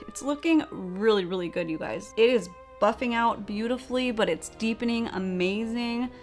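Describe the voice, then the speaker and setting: A woman's voice: a little high, normal speed, faint music behind. A young woman narrating a makeup tutorial, bubbly and chatty, with playful sound effects as she works. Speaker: beauty vlogger.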